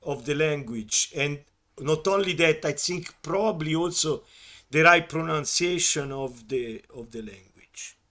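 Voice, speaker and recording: A man judging an audition over a video call, friendly and halting, with many fillers. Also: on the high side, sharp tone. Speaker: audition judge. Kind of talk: critique of a singer.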